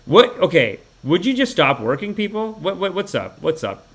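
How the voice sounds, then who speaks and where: Canadian guy ranting on his live stream, cursing a lot, kinda high voice, loud bursts then mumbly bits. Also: normal speed, breathy edge. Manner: profane, animated, swings between loud outbursts and mumbles. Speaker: podcast host. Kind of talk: live-stream satirical commentary.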